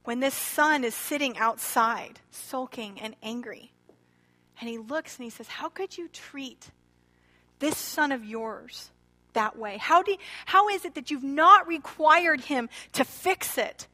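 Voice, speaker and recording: A woman preaching a sermon in a church, retelling a parable expressively and acting out the quoted lines. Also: takes it slowly. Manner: expressive, acts out quoted speech with shifting pitch and loudness. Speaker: pastor.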